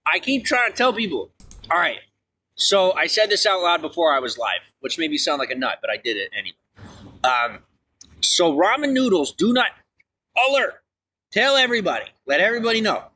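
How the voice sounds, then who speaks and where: A man rambling on a live stream, excitable, swinging from shouting to low grumbling. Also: brisk, slightly rough. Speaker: livestreamer.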